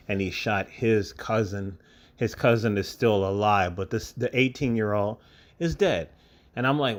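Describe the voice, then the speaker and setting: A man from New York State talking straight to camera in a casual monologue, emotional and halting, holding back tears and repeating his words. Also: fairly low pitch. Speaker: vlogger.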